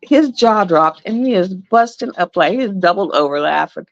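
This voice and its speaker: A woman telling a casual, animated story, laughing often and repeating herself. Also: mid-range voice, moderate pace, dry recording, dull audio. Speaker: livestream host.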